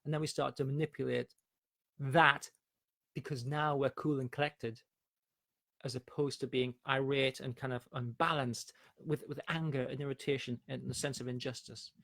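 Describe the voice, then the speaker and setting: A man's voice: medium pitch, fairly even intonation, normal speed, gravelly, fairly bright tone, dry recording. A man coaching viewers on anxiety in a live-streamed question and answer talk, explaining things patiently and sometimes telling parables with acted quotes.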